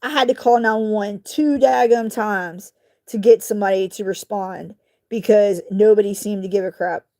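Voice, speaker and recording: A woman, casually telling a story to her viewers while crafting, animated and indignant, with mild swearing. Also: medium pitch, moderate pace. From southeastern United States. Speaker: vlogger.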